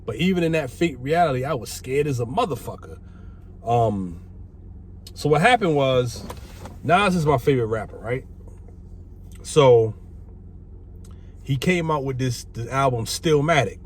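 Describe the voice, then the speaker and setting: A middle-aged man casually telling a personal story, animated and profane. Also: medium pitch, measured pace, long pauses. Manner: animated, profane, acts out quoted voices. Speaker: vlogger telling his life story. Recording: faint background noise.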